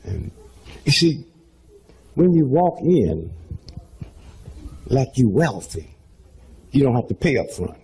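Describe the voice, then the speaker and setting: A seventy-something comedian delivers folksy, meandering stand-up stories to a live audience, with frequent asides like "huh?" and "you know what I'm saying?". His mid-range, darkish voice swings widely in pitch, moving slowly with frequent pauses. The audio is poor, with slight background noise.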